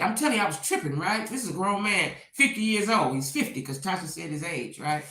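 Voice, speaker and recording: In an echoey room, a woman with a lowish, somewhat bright voice hosts casual gossip talk, expressive and fairly quick with few pauses. She speaks straight to her viewers, replying to them by name and sprinkling in "right?".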